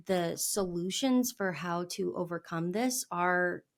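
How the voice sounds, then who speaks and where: A woman's voice: on the low side, takes it slowly. A woman as a podcast guest, talking earnestly about her marriage and dropping small laughs into her speech. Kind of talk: earnest interview conversation.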